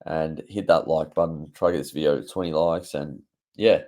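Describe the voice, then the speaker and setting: A young man talks to his viewers in a very deep voice with plenty of vocal fry. His delivery is casual and offhand, with frequent fillers. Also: fairly even intonation, normal speed, warm tone. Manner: chatty, offhand, many fillers. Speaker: fantasy football YouTuber. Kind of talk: casual talk to camera.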